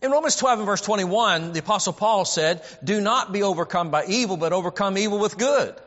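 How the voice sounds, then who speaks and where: A man's voice: high voice, expressive, fairly quick, hardly any pauses, fairly bright tone. A man preaching a sermon, emphatic and repetitive, often stammering as he restarts a phrase. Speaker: preacher and Bible teacher. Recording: dull audio with long hall reverb.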